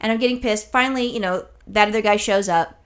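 A woman's voice: medium pitch, quick pace, clear, resonant tone. A woman telling a long exasperated story in casual chat, swearing often and acting out both sides of the exchange. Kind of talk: casual chat, ranting anecdote.

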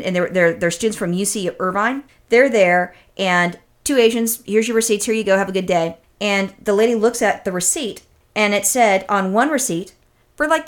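A woman co-hosting a casual podcast chat, telling stories in a profane, animated way. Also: medium pitch. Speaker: podcast co-host.

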